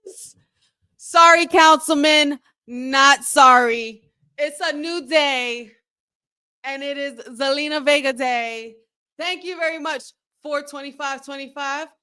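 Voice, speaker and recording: A woman hosting a live wrestling watch-along from her room at home, excitable and swearing as she talks to her chat. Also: sits high, slow pace. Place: room at home with windows open.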